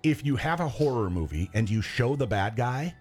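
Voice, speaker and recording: A man's voice: mid-range voice, lively intonation, moderate pace, darkish tone, husky, soft background music. A man hosting a radio show, bantering casually, laughing often and mimicking accents. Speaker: radio host.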